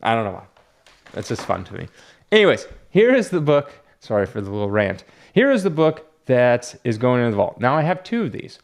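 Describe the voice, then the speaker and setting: A man with a mid-pitched voice that keeps dropping into a gravelly fry. He rambles casually and half to himself as a comic book dealer. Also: big pitch swings, a little fast. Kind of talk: casual unboxing chat.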